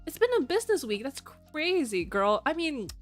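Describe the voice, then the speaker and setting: A young woman with a fairly high voice chats with her stream viewers in a playful, teasing way. She giggles often and flips into a bright, cutesy tone when greeting them. Soft background music sits faintly under her voice. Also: big pitch swings, moderate pace. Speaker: vtuber streamer. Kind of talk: casual chat with viewers.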